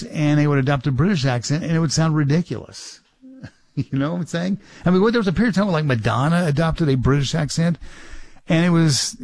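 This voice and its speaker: A man's voice: fairly high pitch, gravelly, a little mellow, no room sound. Rambling male radio talk host. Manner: rambling, with many restarts and fillers. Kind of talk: casual talk radio monologue.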